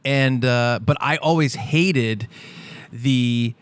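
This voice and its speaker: A man's voice: mid-range voice, takes it slowly, clear, resonant tone, no echo. A man co-hosting a podcast in casual chat, enthusiastic and chatty.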